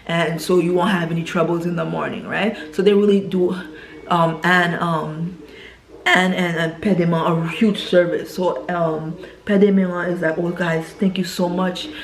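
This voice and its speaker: A woman's voice: on the low side, steady tone, moderate pace, vocal fry. A woman casually recapping a film plot, often checking in with the listener as she goes. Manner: chatty, frequently checks in with "right?". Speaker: film reviewer. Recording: echoey room.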